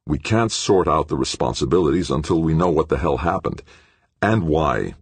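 A man voicing a calm male manager who speaks easily and evenly. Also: a bass voice, normal speed, husky, no room sound, voice pushed up, exaggerated voice. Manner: easy, even. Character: calm male team manager, even-tempered.

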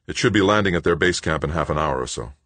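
Brief: male narrator as a drained, weary manager, deep voice. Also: expressive, a bit bright, dry recording, exaggerated voice. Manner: weary, measured. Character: tired, weary male company man.

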